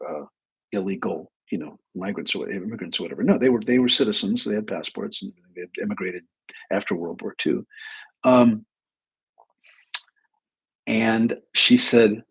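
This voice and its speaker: Husky-voiced man telling a story. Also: lowish voice. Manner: storytelling, animated asides. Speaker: host, clinician. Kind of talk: live-stream advice talk.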